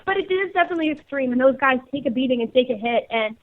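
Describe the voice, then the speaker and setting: A Canadian woman co-hosting a casual radio show, energetic and slangy, laughing easily. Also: high-pitched, very fast. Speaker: co-host. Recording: tinny phone line.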